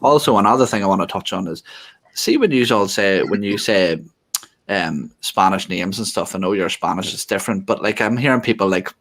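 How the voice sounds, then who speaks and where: A man's voice: sits low, fairly bright tone. A man co-hosting a football podcast in casual chat, blunt and opinionated, swearing now and then. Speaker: podcast co-host.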